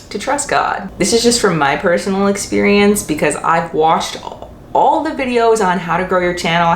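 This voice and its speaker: Chatty young mom in an echoey room. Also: female voice, lowish voice. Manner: chatty, frequent fillers and self-corrections. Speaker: mom vlogger. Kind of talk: casual Q&A vlog. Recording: echoey room with faint hiss.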